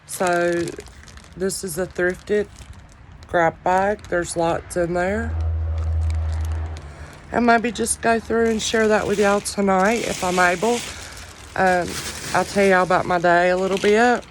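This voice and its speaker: A woman with a long, deep Southern drawl talks to her viewers in a loud voice that carries. She speaks slowly and folksily, sprinkling in y'all, while a faint breeze and outdoor noise sit behind her. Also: steady tone. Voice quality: loud, carrying voice. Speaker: online jewelry reseller. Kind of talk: casual chat to viewers.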